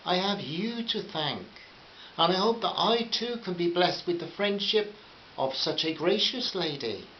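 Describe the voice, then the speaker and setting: A man voicing a grateful foreign heart doctor who speaks earnestly and courteously, with halting pauses. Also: sits high, lively intonation, pitched above the performer's own voice. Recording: muffled roomy recording with faint hiss.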